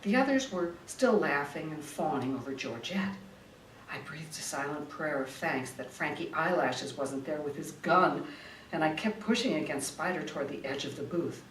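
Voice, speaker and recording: A woman's voice: low voice, lively intonation, moderate pace. A woman author, a former tabloid reporter, reading her memoir dramatically and then chatting in an interview, recorded from a distance in a roomy room. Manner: vivid, dramatic reading; chatty, restarting in talk. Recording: roomy room, distant mic, faint noise.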